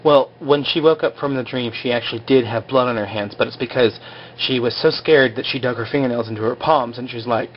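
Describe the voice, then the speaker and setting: A man's voice: mid-range voice, a little fast, a little hiss or hum. A man casually recapping a TV episode in a rambling way, full of fillers, on a slightly dull lo-fi recording. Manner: rambling, full of "like" and "you know".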